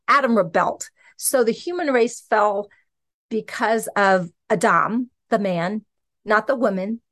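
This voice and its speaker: A woman's voice: medium pitch, unhurried, fairly bright tone. A woman teaching scripture in a casual, conversational way, often checking in with "okay" and "right.". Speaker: podcast teacher.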